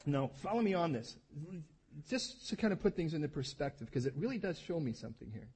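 A man preaching a lively, humorous sermon, often acting out the voices in the stories he tells. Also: a little high, brisk, breathy edge. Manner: animated, humorous, acts out voices.

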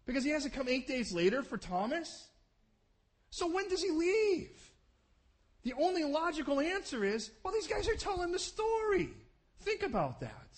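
A male preacher with a notably high voice tells the story in an animated way, acting out the scenes as he goes. His pitch rises and falls in lively swings, and he drops quick asides to the congregation. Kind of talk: sermon.

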